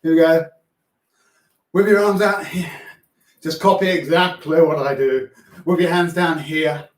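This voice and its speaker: A man teaching primary school music, leading children's warm-ups with upbeat, playful, coaxing instructions. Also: a little high, fairly even intonation, a little slow. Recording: echoey room.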